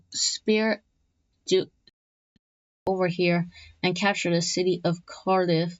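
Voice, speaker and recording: A woman's voice: on the low side, dull audio. A woman narrating a map video in casual, unscripted style, often stumbling and repeating words as she goes. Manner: halting, frequent restarts and repeated words.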